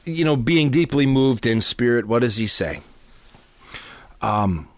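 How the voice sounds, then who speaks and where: Male pastor, mid pitch, dry close recording, earnest conversational teaching with fillers. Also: animated, a little slow, long pauses, dry recording. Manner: earnest, conversational, with frequent fillers and repeated words. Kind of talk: Bible study teaching.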